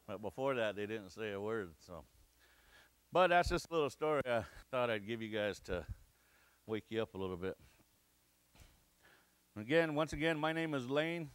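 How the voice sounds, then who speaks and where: A middle-aged man from Montana's Crow Nation giving a lecture, telling a funny story with lively acted-out shouts and quoted voices. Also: medium pitch, moderate pace, long pauses, clean tone, no echo. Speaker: guest lecturer. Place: lecture hall.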